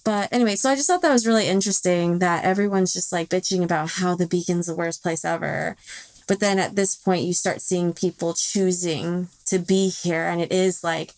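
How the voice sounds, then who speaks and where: A woman co-hosting a casual TV recap podcast, talking in an animated, profane, emotional way and acting out quotes. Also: fairly low pitch, normal speed, no room sound, low-quality recording. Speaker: podcast co-host.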